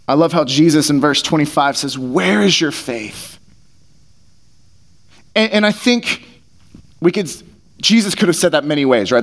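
A man preaching a sermon as pastor, conversational and earnest, repeating phrases for emphasis, on a mic taped to his face. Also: medium pitch. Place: church hall. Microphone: headset mic taped to face.

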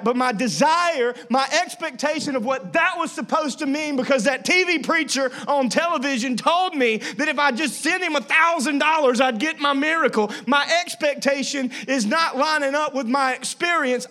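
A man in his thirties preaches a sermon with a notably high-pitched voice. He tells stories with playful humor, acting out little voices along the way. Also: moderate pace, few pauses. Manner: animated storytelling with playful asides and acted-out voices. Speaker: pastor.

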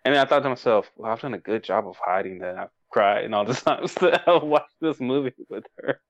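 A man's voice: mid-range voice, expressive, brisk, no room sound. Rambling man chatting about movies. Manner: rambling, emotional, laughs often, many restarts. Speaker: podcast co-host. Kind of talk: casual movie review chat. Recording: dull dry lo-fi sound.

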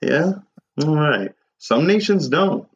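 A man's voice: a little high, animated, takes it slowly, slightly rough, dull audio. A man hosting a podcast in casual comedic chat, crude and joking, often slipping into mock voices. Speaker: podcast host.

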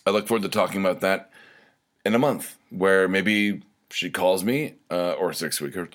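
Low-voiced rambling man podcasting. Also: normal speed. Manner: rambling and self-deprecating, many fillers and restarts. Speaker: podcast host. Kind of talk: casual solo podcast monologue.

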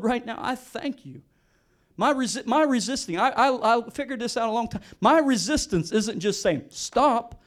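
A middle-aged man preaches with a notably high voice, earnest and animated. He stumbles and repeats words as he goes, restarting his sentences while he delivers a sermon. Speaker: pastor.

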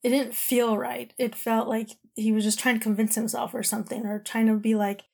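A woman's voice: fairly high pitch, little pitch movement, brisk, vocal fry, hardly any pauses, a little mellow. A woman casually telling a personal story to camera, retelling conversations and talking with lots of "like" fillers.

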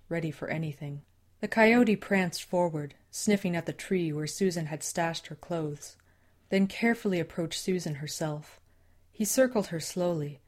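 Low-voiced woman narrating a story. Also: darkish tone. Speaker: audiobook narrator. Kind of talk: scripted narration.

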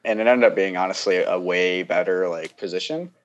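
A man's voice: deep voice, a little fast, dull audio. Young man telling a rambling story. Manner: rambling, animated, acts out the people he quotes, laughs often. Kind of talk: casual chat.

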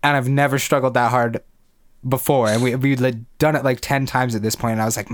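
A man's voice: medium pitch, fairly even intonation, fairly quick. Young man rambling through a wild story. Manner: rambling, swears a lot, laughs through his story. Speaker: podcast co-host. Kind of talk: casual storytelling chat.

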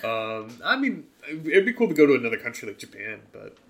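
A man's voice: mid-range voice, sing-song, a bit bright. A young man co-hosting a podcast who asks the questions and playfully teases his friend. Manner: playful, teasing, quick to push back. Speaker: podcast co-host. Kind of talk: casual chat.

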